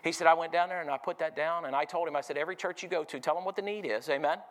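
A man's voice: fairly high pitch, very fast, a bit bright. A man preaching a sermon, telling a story full of "I said" and calling "amen?" to the congregation. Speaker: pastor.

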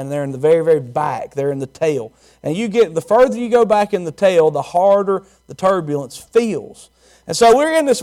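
Emphatic preacher man, slightly high voice. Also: a little mellow. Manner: emphatic, repeats key words, tells a personal story. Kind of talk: sermon.

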